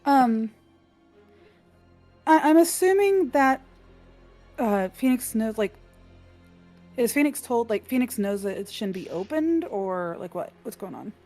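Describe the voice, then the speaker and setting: Player at the table, woman, relaxed warm voice, narrates her character casually. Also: a little high, a little slow, pauses often, faint music behind. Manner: chatty, narrates her character's actions in third person. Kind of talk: playing a tabletop role-playing game.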